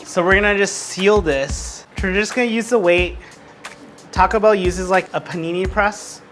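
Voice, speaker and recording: A man's voice: high-pitched, normal speed, a bit bright, faint music behind. A man hosting a casual cooking vlog at home, a bit drunk, swearing loosely and ranting at his camera. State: tipsy from drinking. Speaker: cooking show host.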